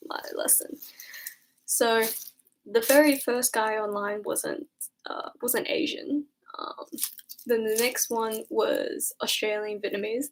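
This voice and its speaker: Young woman streamer, high-pitched, casual slangy storyteller, faint background noise. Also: slow pace, rough recording. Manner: chatty, animated storytelling with slang and swearing. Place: home room at night.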